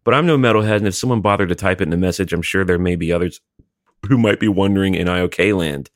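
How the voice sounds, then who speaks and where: Man, podcast host, low deep voice, matter-of-fact, reading listener mail. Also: quick pace, dry recording, clean studio sound.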